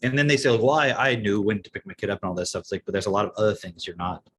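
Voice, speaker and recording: Young male co-host, talks fast, lowish voice, sarcastic and profane, faint room noise behind. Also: steady tone. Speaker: podcast co-host. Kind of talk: casual chat.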